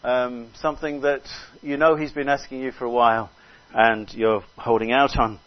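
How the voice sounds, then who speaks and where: A man's voice: mid-range voice, little pitch movement, moderate pace. Older man preaching fervently, lo-fi. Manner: fervent, swings between loud exclamations and soft asides; repeats phrases and interjects hallelujah. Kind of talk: sermon. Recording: dull lo-fi recording.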